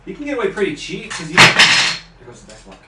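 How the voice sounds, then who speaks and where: A tech YouTuber with a high-pitched voice hosts a live stream, talking a little fast as he works on a PC. He chats and jokes in a relaxed way, and the audio has an echoey room, a distant mic and background noise.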